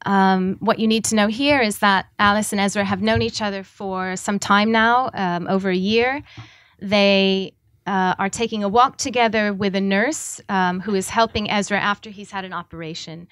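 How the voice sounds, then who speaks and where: A woman author from Massachusetts, speaking softly with many ums and reading from her novel at a bookstore event. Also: medium pitch, steady tone, moderate pace, no echo. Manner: soft-spoken, frequent ums.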